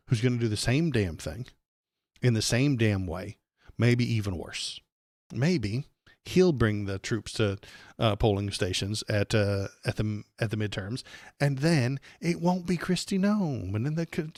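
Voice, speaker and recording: Profane ranting male streamer, low voice. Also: lively intonation, normal speed, a little mellow, dry recording, studio quality. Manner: angry, profane and sarcastic. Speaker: livestream political commentator. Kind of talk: ranting live-stream commentary.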